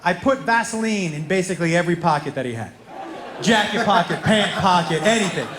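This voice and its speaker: A middle-aged man doing stand-up, telling stories in an animated way, laughing and acting out quotes with loud yelps. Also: high voice, brisk, crowd noise. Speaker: stand-up comedian. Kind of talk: stand-up storytelling. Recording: echoey venue with background noise.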